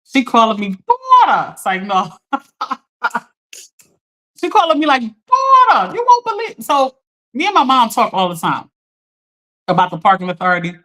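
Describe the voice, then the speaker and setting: A woman hosting a live stream, telling a story in an animated, chatty way, talking straight to her viewers and laughing often. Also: mid-range voice. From Philadelphia. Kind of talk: casual storytelling to a live audience.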